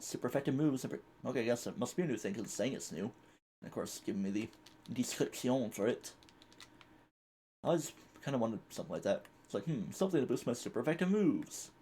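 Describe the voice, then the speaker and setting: A man commentating his own live game stream. His voice has a gravelly, rough edge and a slightly husky, breathy tone. He wanders from thought to thought, chuckling as he reads on-screen text aloud. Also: medium pitch, dark tone. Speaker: gaming streamer.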